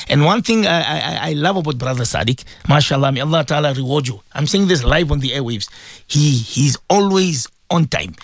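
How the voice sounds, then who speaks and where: Animated male radio presenter. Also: medium pitch, no echo. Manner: animated, addresses listeners directly, sprinkles Arabic phrases. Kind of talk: casual live radio talk. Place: radio studio.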